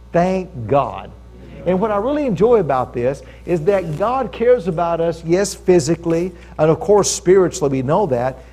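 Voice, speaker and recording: Male preacher, fairly high voice, conversational sermon, checks in with the congregation. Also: dark tone. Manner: conversational preaching, stresses key phrases, often asks the audience for agreement. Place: church service with audience.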